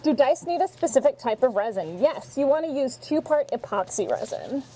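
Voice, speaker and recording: A woman's voice: high-pitched, lively intonation, normal speed, mellow, a little hiss or hum, poor audio. A woman streaming live from home on a wireless mic, chatting casually and playfully, swearing now and then. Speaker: streamer and voice actress. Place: home, in a pouring tent and around the house. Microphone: wireless mic on a receiver.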